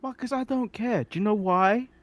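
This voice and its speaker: An English man in his thirties, a podcast co-host chatting casually and telling animated stories, laughing often. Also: high-pitched, normal speed. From England. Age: 30s. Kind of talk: casual chat.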